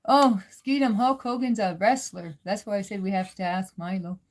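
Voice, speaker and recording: A woman's voice: mid-range voice, steady tone, normal speed. A woman hosting a casual livestream, chatting with viewers, reading their comments and laughing often. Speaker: livestream host.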